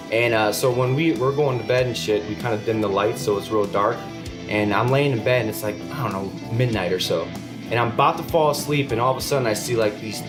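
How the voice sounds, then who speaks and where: A man co-hosting a podcast, telling a story in casual, swearing chat. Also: mid-range voice. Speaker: podcast co-host.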